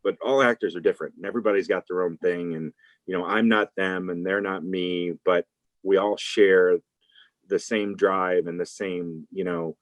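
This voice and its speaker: A man's voice: low-pitched, fairly even intonation, moderate pace, dry recording, dull audio. A man, an actor, talking casually as an interview guest, rambling with many fillers and restarts.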